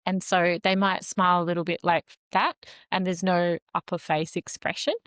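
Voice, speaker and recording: A woman, a nervous system expert, explaining things calmly in a podcast interview. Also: lowish voice, normal speed, no room sound. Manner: calm, explanatory, animated with sing-song asides.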